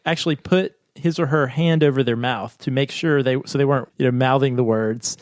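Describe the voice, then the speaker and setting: A man's voice: medium pitch, steady tone, fairly quick, no room sound, clean studio sound. Chatty man explaining a study. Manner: chatty, laughs often, reads scripts aloud. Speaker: podcast co-host. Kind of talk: casual chat explaining a study.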